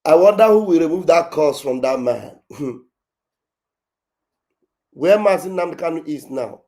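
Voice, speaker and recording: A man's voice: on the high side, animated, a little slow, dark tone. A man giving preachy political commentary.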